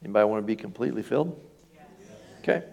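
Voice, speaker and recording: A man's voice: on the low side, lively intonation, rapid-fire, creaky, a little mellow. A middle-aged man preaching a sermon in a conversational way, often asking the congregation questions. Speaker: pastor.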